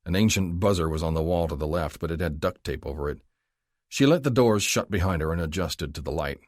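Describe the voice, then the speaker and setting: A man narrating a romance audiobook in an expressive, measured reading style. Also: deep voice, no echo, clean studio sound. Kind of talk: scripted narration.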